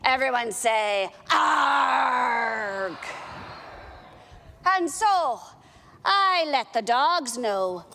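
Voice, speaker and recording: A woman's voice: sits high, big pitch swings, slow, sharp tone, in a large hall, slight background noise. Playful woman telling a pirate tale. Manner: playful pirate talk, with an occasional "arr" and "me ship". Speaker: library storyteller. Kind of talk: pirate story told to children.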